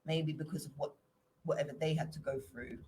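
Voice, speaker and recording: A woman's voice: deep voice, steady tone, a little fast, warm tone, rough recording. English woman, chatty guest, playful, slight background noise. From England. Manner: chatty, playful, slips into put-on accents. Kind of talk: casual chat.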